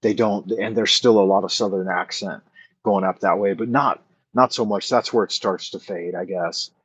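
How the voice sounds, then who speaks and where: A man's voice: low voice, fairly even intonation, normal speed, slightly rough, dry recording. A man hosting a casual late-night chat, rambling and thinking aloud with many fillers as he answers his viewers. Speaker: livestream host answering chat.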